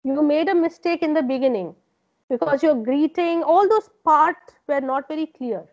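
High-voiced Indian woman lecturer. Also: moderate pace, darkish tone. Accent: Indian English. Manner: corrective, repeats points. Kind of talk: online class feedback. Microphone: video call. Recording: dull lo-fi online call audio.

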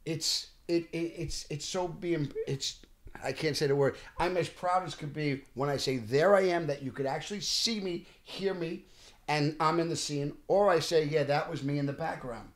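A middle-aged man, an actor telling animated stories on a podcast. He often restarts sentences and acts out what people said. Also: a little high, normal speed. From Bensonhurst, Brooklyn, New York. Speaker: actor guest. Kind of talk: casual podcast storytelling.

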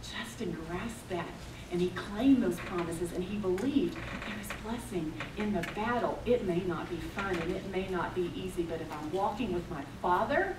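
Animated woman preaching in an echoey hall. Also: lowish voice, moderate pace. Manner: animated, acts out dialogue. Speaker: retreat speaker. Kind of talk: storytelling sermon. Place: retreat meeting room. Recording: echoey hall, distant mic, background noise.

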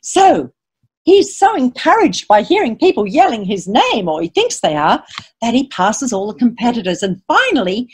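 Animated woman reading a picture book. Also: mid-range voice, husky. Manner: animated storyteller, asks listeners questions; reads rhyming verse in lively sing-song. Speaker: children's author.

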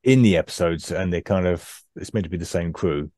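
A man's voice: low-pitched, fairly quick, warm tone, no echo, clean studio sound. A man co-hosting a podcast, recapping a story in easygoing casual chat. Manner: recaps the plot, easygoing with many yeahs. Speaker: podcast co-host.

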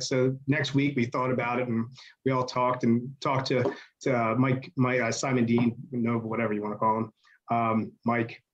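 Male interview guest, casual rambling storyteller, average pitch, dull recording. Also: fairly even intonation, moderate pace. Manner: rambling, lots of fillers.

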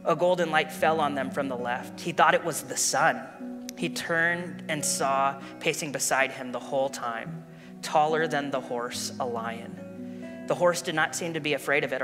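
Guy preaching, kinda high voice, earnest storyteller, big reverby hall, guitar playing. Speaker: pastor. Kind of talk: sermon with read-aloud story.

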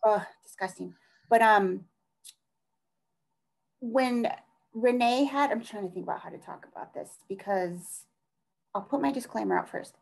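A woman's voice: on the high side, normal speed, creaky, pauses often, low-quality recording. Earnest rambling woman in conversation. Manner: rambling, earnest, trails off and restarts. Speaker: interview guest, task force advocate. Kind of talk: conversational interview.

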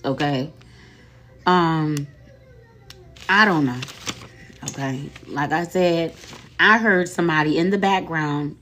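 Woman, commentary host, casual gossip, somewhat low voice, chatty, laughing. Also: a little hiss or hum. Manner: chatty, laughing, repeats "okay?" and "y'all". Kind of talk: casual commentary on social media drama.

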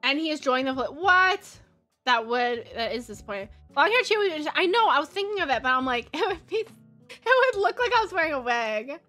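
A woman's voice: sits high, big pitch swings, brisk. A woman streamer with a Valley Girl accent, chatting casually while she draws, rambling and giggling with plenty of "like". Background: soft background music.

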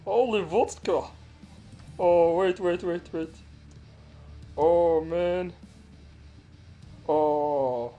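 A man putting on a fake Russian accent to play a crude, excitable commentator called Vladimir, swearing and laughing over a game. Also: a little high, drawn-out words, long pauses, soft background music. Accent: put-on Russian accent. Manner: swears a lot, laughs and yelps at crashes. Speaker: gameplay commentator. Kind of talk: comic game commentary in character.

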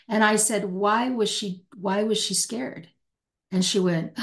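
A middle-aged woman speaking with passion and emphasis in a podcast interview. She drives her points home and acts out what people say to themselves, her voice sitting at an ordinary pitch. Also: normal speed. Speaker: hostage negotiator, podcast guest.

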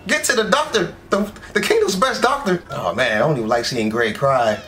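A man giving casual, excitable reaction commentary as an anime reaction YouTuber, full of slang and quick exclamations. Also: a little high. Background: anime episode audio with music.

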